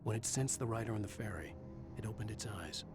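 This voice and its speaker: An actor narrating as a brooding novelist in a video game, measured and somber. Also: male voice, on the low side, expressive, over loud music, close to an everyday voice. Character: brooding male novelist narrating, middle-aged. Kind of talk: scripted narration.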